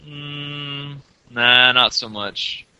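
A man's voice: medium pitch, steady tone, very slow, bright, forceful tone, clean tone, no room sound, lo-fi sound. A man in casual podcast chat, hedging with many fillers while giving his opinion. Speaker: podcast co-host.

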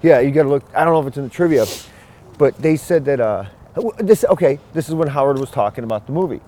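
A man's voice: mid-range voice, animated, fast, dark tone. A man in casual chat, joking and swearing as he walks along a street. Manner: joking, profane, trails off. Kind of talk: casual chat while walking. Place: outdoors on a city street.

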